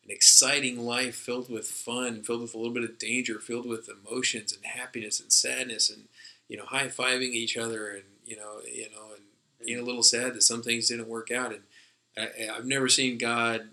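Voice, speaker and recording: A man's voice: medium pitch, little pitch movement, moderate pace, bright, forceful tone, poor audio. A man co-hosting a casual discussion, rambling with many fillers and restarts as he thinks aloud. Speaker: podcast co-host.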